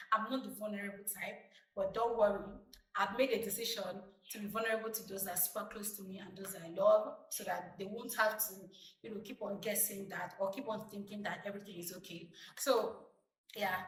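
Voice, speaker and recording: A young Nigerian woman in her twenties, a vlogger telling stories from her childhood in a chatty, lively way. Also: mid-range voice. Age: 20s. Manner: chatty, lively retelling with acted-out quotes. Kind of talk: casual storytelling to camera. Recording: roomy, distant mic.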